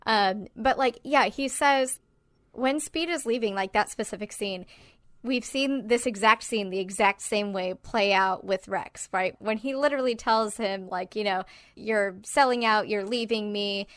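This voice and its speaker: A woman's voice: mid-range voice, measured pace, fairly bright tone, no room sound, clean studio sound. A woman co-hosting a podcast in casual chat, talking emphatically and swearing often. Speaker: podcast co-host.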